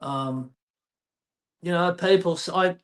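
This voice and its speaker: A man's voice: high voice, takes it slowly, a bit bright. An Australian man who works as a fauna spotter, talking casually in a blunt, exasperated way. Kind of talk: casual chat.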